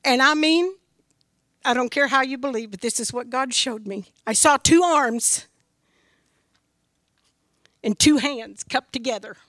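A woman's voice: high voice, measured pace, pauses often, fairly bright tone, no room sound, clean studio sound. A middle-aged woman from Missouri giving an earnest, emphatic spoken testimony about her faith as a grieving mother.

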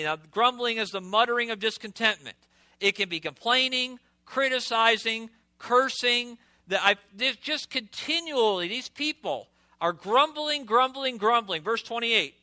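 High bright-voiced preacher repeating for emphasis. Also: male voice, lively intonation, unhurried, no echo. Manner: emphatic, repeats key words for stress; asks the audience rhetorical questions. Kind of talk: sermon with scripture reading.

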